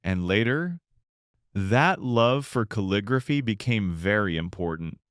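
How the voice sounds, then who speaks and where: A man co-hosting an English-learning podcast, calmly explaining simple words in a scripted dialogue. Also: fairly low pitch, a little slow, no echo, studio quality. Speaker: podcast co-host.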